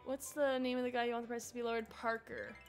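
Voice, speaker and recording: A woman's voice: fairly high pitch, little pitch movement, quick pace, soft background music. A woman streaming a farming game, chatting casually and giggling as she reacts to the characters. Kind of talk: casual gameplay commentary.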